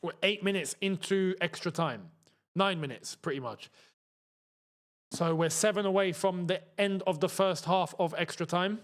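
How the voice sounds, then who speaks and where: A young man hosting a live football watchalong, reacting to the match with chatty asides and excited outbursts. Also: high voice, moderate pace. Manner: excitable, shouts and laughs at chances, chatty asides.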